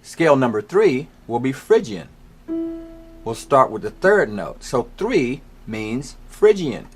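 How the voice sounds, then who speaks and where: Slow, patient male music teacher. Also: mid-range voice, very animated. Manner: slow, patient step-by-step explaining. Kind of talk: piano lesson explanation. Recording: faint piano playing behind.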